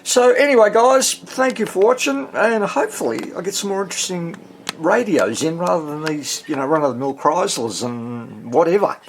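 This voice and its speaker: A man's voice: on the high side, normal speed, hardly any pauses, a little hiss or hum. Rambling man in his workshop. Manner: rambling, relaxed, lots of fillers. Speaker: radio restorer. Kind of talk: casual workshop vlog.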